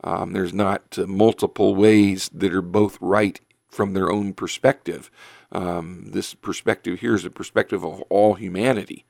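A man's voice: low-pitched, steady tone, measured pace, gravelly, darkish tone, no room sound, studio quality. A man who hosts a radio program as a pastor, preaching in an earnest, emphatic way with frequent ums and restarts. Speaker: pastor and radio show host. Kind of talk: radio talk show preaching.

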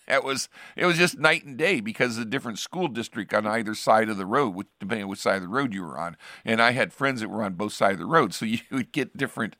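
Older ohio guy rambling, chuckly, bright tone, dry close mic. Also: lowish voice, quick pace, no echo. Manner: rambling, chuckling storyteller with many restarts. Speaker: pastor and show host. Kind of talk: casual chat.

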